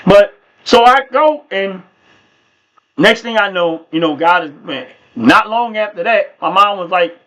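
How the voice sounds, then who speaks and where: A man's voice: high voice, lively intonation, a little slow, sharp tone. A man hosting a livestream, telling a personal faith testimony in an earnest, emphatic way and repeating himself for stress. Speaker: livestream host.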